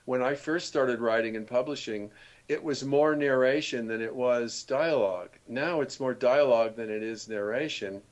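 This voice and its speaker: An older man who is a guest author on an interview show, speaking at a middle pitch. He tells anecdotes in a storyteller's way and laughs easily as he talks. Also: moderate pace, muffled recording. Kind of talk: casual interview chat.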